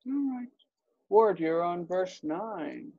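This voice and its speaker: A man's voice: high-pitched, lively intonation, slow pace, warm tone, dull audio. A man teaching a Hebrew reading class on a video call, patiently explaining grammar with examples.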